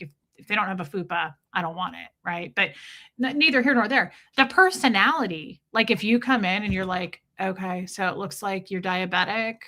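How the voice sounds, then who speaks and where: A woman hosting a livestream, chatty and animated, greeting viewers in chat by name as she comments. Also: mid-range voice. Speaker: host, livestreamer.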